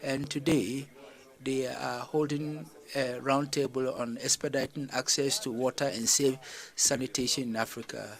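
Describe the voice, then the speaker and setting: A man delivering a formal policy address to a summit of leaders, measured and stopping often on fillers and restarts. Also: medium pitch, little pitch movement, rough recording. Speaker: summit chair addressing heads of state.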